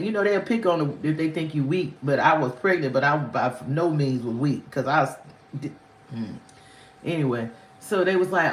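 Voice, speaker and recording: A woman chats on a livestream in a loose, rambling storytelling style. Her voice jumps high and drops low as she talks. The room around her has a noticeable echo. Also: lively intonation, moderate pace. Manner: candid, rambling, with frequent pitch swings. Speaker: livestream host. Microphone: phone or webcam on a livestream.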